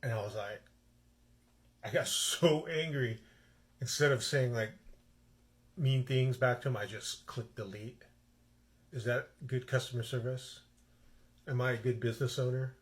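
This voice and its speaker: A middle-aged man who runs a record label, telling deadpan comic stories about customer service emails and reading them aloud in a dry, exasperated way. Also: mid-range voice, unhurried, long pauses. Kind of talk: deadpan comic storytelling to camera.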